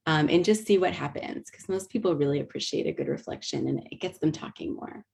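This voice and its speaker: A woman's voice: deep voice, gravelly, a little mellow. A woman presenting an online teaching webinar over a video call mic. She explains patiently, with frequent ums and restarts. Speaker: workshop presenter.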